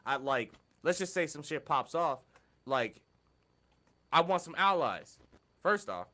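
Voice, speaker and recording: A man co-hosting a casual podcast, telling profane, animated stories and acting out quoted voices. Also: a little high, measured pace. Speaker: podcast co-host.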